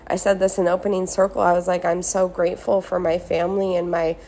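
Speaking fast in a low, mellow, level voice, a podcast host records a reflective solo monologue on her phone in a beach resort hotel room, with slight background noise. She comes across casual and earnest, saying "like" a lot.

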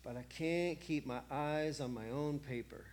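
A man preaching a sermon who swings between loud bursts and hushed lines, repeating phrases and acting out little exchanges. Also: on the high side, unhurried. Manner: acts out little dialogues and repeats phrases for effect.

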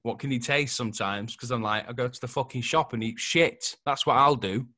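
A man's voice: mid-range voice, brisk, pushed and bright, no room sound. A man hosting a podcast in casual chat, rambling, laughing often and swearing freely. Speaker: podcast host.

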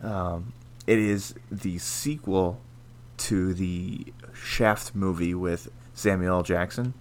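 A man hosting a casual podcast, talking in a steady, rambling way with lots of fillers. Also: sits low, takes it slowly, slight background noise. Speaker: podcast host.

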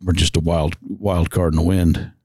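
A man's voice: sits low, little pitch movement, moderate pace, a little mellow, breathy edge, no room sound. A middle-aged man, a firefighter-paramedic and father, talking plainly in a casual podcast conversation, often stammering and repeating words.

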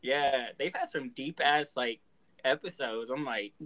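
A man's voice: mid-range voice, a little slow, a bit bright, poor audio. A young man in casual chat with friends, joking and acting out what other people say. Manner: joking, acts out others' lines.

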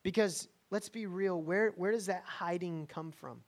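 A pastor with a high, unhurried voice preaches in an emphatic yet conversational style. He keeps checking in with listeners, frequently tossing in "right?"

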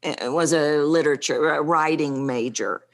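A middle-aged woman who works as a speaking coach talks animatedly in a conversational interview, varying her pace for emphasis. Her voice is deep, and she speaks at a normal speed.

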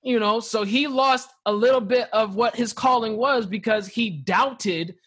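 A man in a casual Bible discussion, reading scripture slowly and acting out the dialogue with animation. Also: sits high, fairly bright tone, slightly rough. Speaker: podcast co-host teaching scripture.

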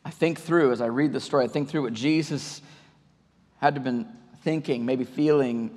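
A male pastor preaching a conversational sermon to his church, often restarting and repeating words. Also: fairly high pitch. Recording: long hall reverb.

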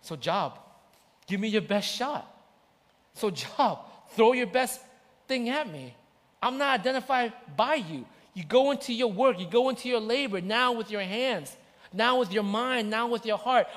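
A man's voice: sits high, animated, normal speed, fairly bright tone. A man preaching a sermon as pastor, impassioned and repetitive. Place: church. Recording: church hall reverb.

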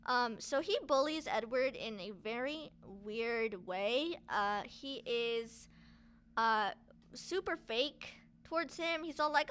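A woman's voice: fairly high pitch, lively intonation, takes it slowly, fairly bright tone, clear, resonant tone. A young woman casually discussing a movie, hesitant with many fillers.

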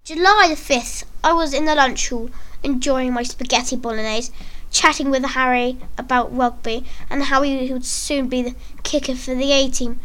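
A woman reading a first-person story aloud in an earnest, expressive way. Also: high-pitched, moderate pace. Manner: earnest, expressive read-aloud with acted quotes.

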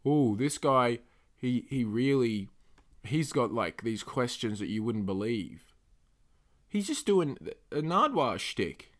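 A man hosting his own solo podcast, rambling and swearing through rants that flare up loud and high when he gets angry. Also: sing-song, slow pace. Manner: rambling, profane, ranting. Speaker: podcast host.

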